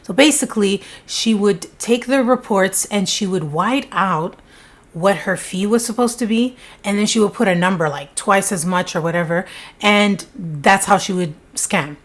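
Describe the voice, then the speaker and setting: A woman recounting a true-crime case in a chatty, conversational voice, with plenty of casual asides. Her pitch sits in an ordinary middle range for a woman. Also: moderate pace.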